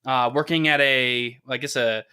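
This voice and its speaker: A man's voice: medium pitch, fairly even intonation, moderate pace, sharp tone, clean tone. A man co-hosting a podcast, chatting casually and animatedly, laughing often and acting out quotes. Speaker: podcast co-host. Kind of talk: casual chat.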